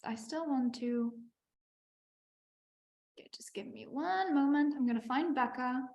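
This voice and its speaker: Chatty higher-voiced woman coach, roomy sound. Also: unhurried, vocal fry, a little mellow. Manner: chatty and encouraging, with frequent "like" and "okay". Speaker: business coach. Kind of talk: live online masterclass teaching. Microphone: video call.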